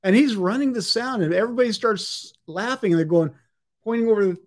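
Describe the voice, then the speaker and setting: A man in his forties with a high voice runs a live hypnosis demonstration. He repeats his suggestions over and over, at times firm and loud, at times dropping to a near hush. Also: lively intonation, fairly quick. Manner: repetitive, insistent suggestions, shifting between loud and hushed. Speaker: stage hypnotist.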